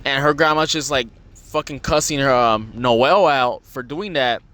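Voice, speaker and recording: A man's voice: medium pitch, normal speed, pushed and bright, dry recording. A young man hosting a podcast, telling a long story in a rambling way and swearing often. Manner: rambling, swearing, acts out voices. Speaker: podcast host. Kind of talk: casual storytelling.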